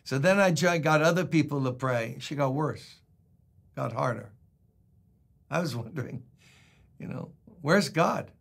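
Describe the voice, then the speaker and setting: Gravelly older pastor, folksy. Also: male voice, a little high, measured pace, pauses often, fairly bright tone. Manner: folksy, anecdotal, reads scripture aloud. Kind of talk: conversational devotional sermon.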